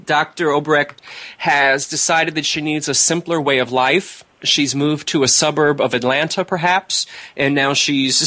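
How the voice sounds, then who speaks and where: Guy interviewer, kinda high voice, friendly playful questions. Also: sharp tone. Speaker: interviewer host. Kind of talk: casual interview.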